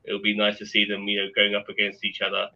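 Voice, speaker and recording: Guy rambling excitedly on a live panel, bright tone, dull lo-fi audio. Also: fairly low pitch, fast talker. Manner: enthusiastic, rambling. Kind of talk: casual live panel chat.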